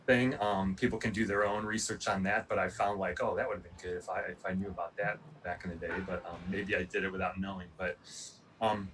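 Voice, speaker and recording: A man in his forties, a former Olympic pole vaulter, giving a casual motivational talk in a rambling, animated storytelling way with lots of fillers. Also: low voice, a little fast. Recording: distant mic, faint room noise.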